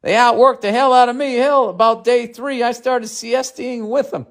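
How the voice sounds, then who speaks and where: Guy doing a southern carpenter boss, drawly folksy storyteller, voice pushed up higher. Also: steady tone, moderate pace, vocal fry, fairly bright tone, exaggerated voice.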